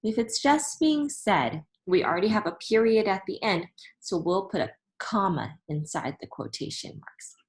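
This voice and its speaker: A woman teaching a recorded grammar lesson speaks in a patient, deliberate way. She talks straight to her students and calls them scholars. Her pitch sits right in the middle for a woman. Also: animated, low-quality recording. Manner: patient and deliberate, repeats and rereads examples aloud; addresses students directly and warmly as scholars. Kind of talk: recorded remote classroom lesson.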